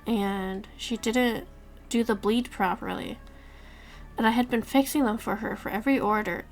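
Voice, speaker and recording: A woman in her thirties, a streamer chatting casually while she edits, ranting and swearing as she tells work stories. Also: a little high. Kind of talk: casual chat while editing.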